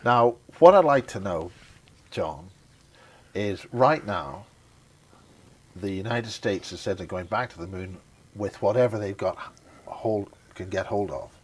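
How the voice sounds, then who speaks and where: A man's voice: on the low side, animated, unhurried, pauses often, darkish tone, husky. A man interviewing in a casual conversation, teasing and provoking with mock-earnest remarks.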